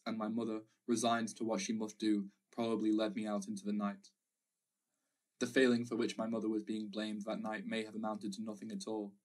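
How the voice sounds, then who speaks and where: A man reading a literary short story aloud in a measured, reflective way. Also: on the low side, distant mic. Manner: measured, reflective, slow pauses. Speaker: audiobook narrator. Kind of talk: literary audiobook narration.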